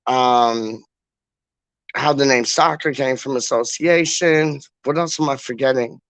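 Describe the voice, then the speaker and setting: A man's voice: mid-range voice, unhurried, a bit bright, no echo. A man hosting a fan-channel livestream, chatting casually to viewers in a slangy, repetitive, playful way. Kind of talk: casual rambling chat to viewers.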